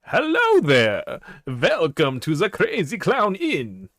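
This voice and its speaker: Man putting on a creepy vampire innkeeper, theatrical foreign-sounding accent, slow and sweeping, dry close sound. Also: fairly high pitch, sing-song, vocal fry, no echo, exaggerated voice. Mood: courteous.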